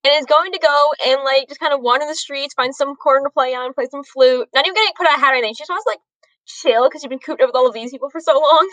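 A woman at a tabletop game chattily narrating what her character does. She speaks high and quick, recorded close and dry. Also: fairly bright tone, no room sound, poor audio. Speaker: player.

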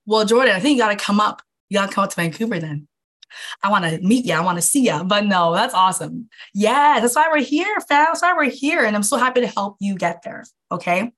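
A woman's voice: mid-range voice, fairly bright tone. A young woman hosting a live online masterclass as a wellness coach, bubbly and scattered, laughing often and swearing casually. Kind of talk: casual live-stream chat.

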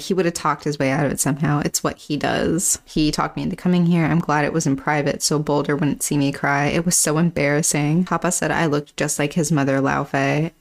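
A woman co-hosting a book podcast, reading passages aloud and retelling the plot in a casual way. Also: low voice. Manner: reads passages aloud, then retells them loosely with "she's like". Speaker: podcast co-host.

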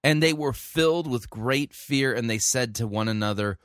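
A man giving critical commentary on a sermon, reading scripture passages and explaining them in a measured way. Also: medium pitch, a bit bright, no echo, clean studio sound.

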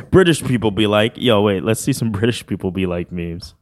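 A man's voice: lowish voice, normal speed. A man hosting a podcast in a casual, rambling, slangy chat. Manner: rambling, laid-back, slangy. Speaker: podcast host.

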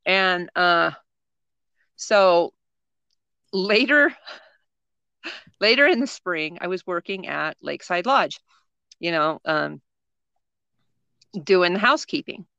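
Woman, middle-aged, podcast co-host, casual storytelling, bright tone, dry close sound. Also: on the low side, slow, vocal fry, pauses often, clean tone, dry recording, muffled recording. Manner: animated storyteller, laughs often.

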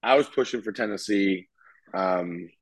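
A man's voice: fairly low pitch, measured pace, husky, dry recording, rough recording. Chatty man, dry close sound. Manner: animated, laughs often. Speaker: podcast co-host. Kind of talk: casual chat. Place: California.

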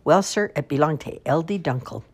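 A woman's voice: low voice, moderate pace, husky, full character voice. A woman voicing a boastful elderly great-aunt who tells her story in a folksy, crowing way. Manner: boastful, folksy, building excitement.

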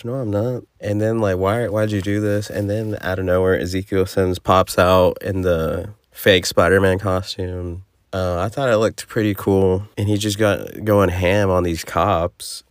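Young male podcast host, very low voice, dry close sound, loose profane rambling recap. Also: dry recording. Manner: rambling, profane, filler-heavy with lots of "like". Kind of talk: casual spoken recap.

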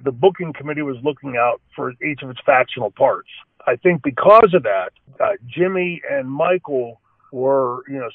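A man's voice: a little high, no echo. Man rambling stories over a tinny line. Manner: rambling, frequent "you know" and restarts. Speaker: former pro wrestler telling stories. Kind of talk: storytelling interview answers. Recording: dry, tinny phone-like line.

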